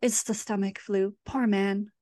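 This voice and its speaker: A woman reads as a strange nun in a horror tale, her voice shivery and calmly amused. The recording is dry and close. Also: medium pitch, unhurried, no echo, close to an everyday voice. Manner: calm, quietly amused.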